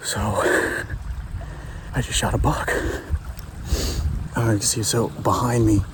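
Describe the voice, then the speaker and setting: A man speaking in a somewhat low voice, rambling excitedly to his camera as he hunts from a tree stand. He repeats himself often. Clear outdoor noise runs behind him on the camera audio. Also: normal speed. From Pennsylvania. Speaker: bowhunter filming his own hunt. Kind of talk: casual hunting vlog to camera.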